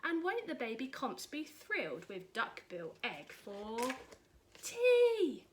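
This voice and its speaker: A woman's voice: a little high, big pitch swings, measured pace, a bit bright. Woman doing a sneaky little girl dinosaur. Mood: gleeful. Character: small sneaky female dinosaur, pleased with herself.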